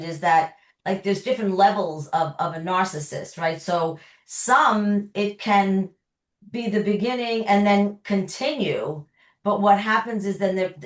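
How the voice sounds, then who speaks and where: A woman therapist answering questions, explaining with everyday examples in a conversational way. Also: medium pitch. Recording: echoey room sound.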